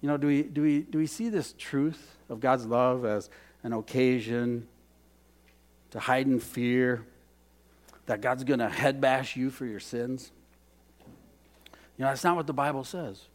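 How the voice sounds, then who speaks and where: A man preaching a sermon, moving between hushed, quiet lines and loud, emphatic ones, often repeating phrases for emphasis. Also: mid-range voice, measured pace, pauses often. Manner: dynamic, swings from hushed to emphatic. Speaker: pastor.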